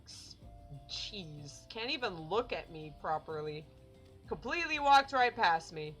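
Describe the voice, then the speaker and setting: A young woman chatting casually and jokingly while playing a game, bubbly and animated. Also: on the low side, unhurried. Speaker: game streamer. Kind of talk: casual let's-play commentary. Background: faint game music.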